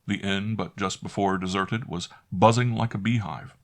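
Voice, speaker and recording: A man narrating a classic horror story in first person, measured and dramatic. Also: on the low side, fairly even intonation.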